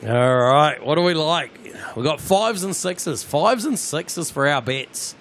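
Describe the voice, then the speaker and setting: A man with a New Zealand accent, hosting a live plane-spotting stream, chatty and excitable as he talks to his viewers outdoors at an airport. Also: on the high side, slow pace, slight background noise.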